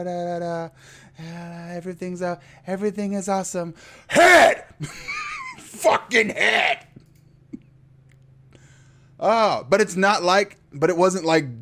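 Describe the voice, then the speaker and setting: A man hosting a podcast, casually recapping a film with profane, incredulous exclamations. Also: a little high. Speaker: podcast host.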